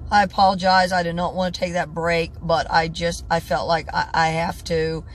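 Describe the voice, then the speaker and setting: A tired woman in her sixties talking in a casual vlog, stressed and halting, often repeating herself and restarting sentences. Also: on the low side, little pitch movement, a little hiss or hum. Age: 60s. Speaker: vlogger. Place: in her truck at a truck stop.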